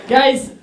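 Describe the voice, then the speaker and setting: A man doing a rambling, self-deprecating stand-up set, chatting with the audience. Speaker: stand-up comedian. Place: small comedy venue. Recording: echoey venue mic from a distance with loud noise. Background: loud audience laughter and noise.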